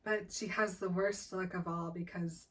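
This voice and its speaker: A woman's voice: fairly low pitch, fairly even intonation, moderate pace, lightly acted. A woman voicing a brooding young male vampire who talks in a gloomy, earnest, subdued way, heard from a distant mic.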